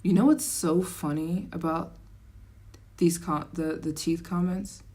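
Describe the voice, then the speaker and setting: A young woman hosting a casual livestream, chatting excitably and reacting to viewer comments. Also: lowish voice, unhurried. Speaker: livestream host.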